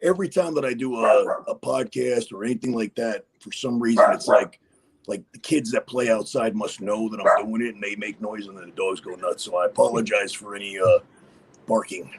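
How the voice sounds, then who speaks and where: A man's voice: fairly low pitch, fairly quick, creaky, slight background noise, poor audio. A man speaking as a podcast guest, rambling casually with many fillers. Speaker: guest impersonator. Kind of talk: casual interview chat.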